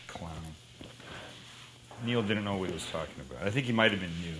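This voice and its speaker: A man's voice: on the low side, moderate pace, long pauses, noisy background. A man hosting a cooking show, chatting casually and telling joking stories as he cooks. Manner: joking, animated storytelling.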